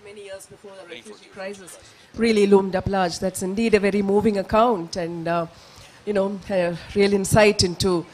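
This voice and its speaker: A woman moderating a literature festival panel, asking her questions in a measured, formal way. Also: medium pitch, steady tone.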